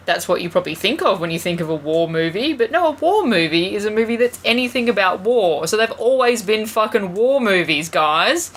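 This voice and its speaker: A woman's voice: medium pitch, lively intonation, a little fast, few pauses, a little hiss or hum. A woman co-hosting a podcast, chatting bluntly about films and swearing casually. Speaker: podcast co-host. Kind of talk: casual film review chat.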